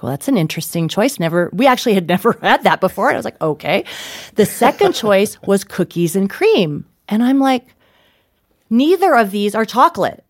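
A woman's voice: no room sound, studio quality. A middle-aged woman, an author being interviewed, telling funny family stories in casual conversation, laughing and acting out quotes. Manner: animated, laughing, acts out quotes with big pitch jumps. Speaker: author and guest.

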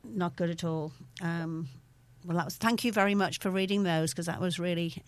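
A woman hosting a radio show, responding to a reading in halting, thoughtful talk. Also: on the low side, steady tone, no room sound. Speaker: radio host. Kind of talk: casual chat.

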